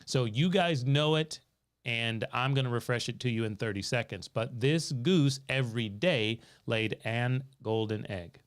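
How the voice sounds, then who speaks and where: Here a man speaks a little slowly in a mid-range voice. He hosts a studio livestream answering financial questions, telling a story, reading out comments from the chat, and quizzing his co-host.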